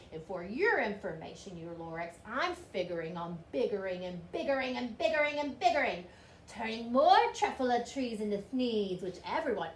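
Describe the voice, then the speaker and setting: A woman's voice: mid-range voice, darkish tone, natural voice. A woman voicing a stubborn, greedy male factory owner who insists on his way, in a storybook reading. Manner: defiant, insistent. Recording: roomy with faint hiss.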